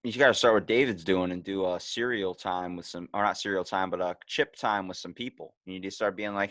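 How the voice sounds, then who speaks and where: Low-voiced, blunt podcast host. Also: male voice, a little fast, few pauses, dry recording. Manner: blunt, swears, animated retelling. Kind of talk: casual chat.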